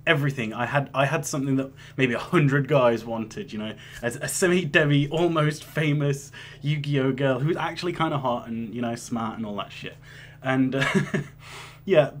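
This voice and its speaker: Rambling young man, swearing. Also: medium pitch. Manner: rambling, profane, with many restarts. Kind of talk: casual storytelling. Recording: faint hum behind.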